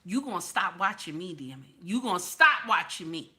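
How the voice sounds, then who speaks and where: A woman hosting a casual livestream chat, animated and playful, teasing her viewers and tossing in "okay?" again and again. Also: fairly low pitch, moderate pace. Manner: keeps repeating "okay?". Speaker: livestream host.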